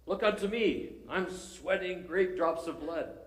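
A man voicing a fervent lay preacher who pleads loudly and repeats his plea, in a roomy, echoing space. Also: high-pitched, unhurried, pitched above the performer's own voice. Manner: loud, pleading, repetitive.

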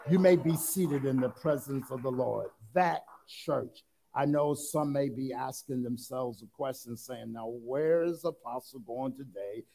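A man preaching a sermon, leading the congregation in call-and-response and rising to loud, fervent preaching. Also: medium pitch, vocal fry, poor audio. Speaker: pastor.

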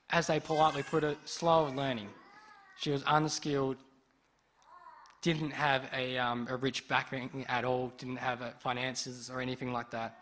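A man preaching a sermon, telling a story in a lively way and acting out the people in it. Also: medium pitch, slight background noise. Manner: lively storyteller who acts out quoted speech.

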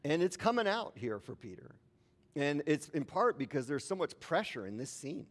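A man's voice: on the high side, sing-song, moderate pace. A man preaching a sermon as a pastor, in an informal, conversational way with asides to the congregation.

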